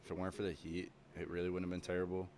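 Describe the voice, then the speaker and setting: Young male podcast guest, low-pitched, loose and profane storyteller. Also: completely flat delivery, racing, a little mellow, slight background noise. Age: young adult. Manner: swears constantly, rambling with many fillers. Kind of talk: casual chat.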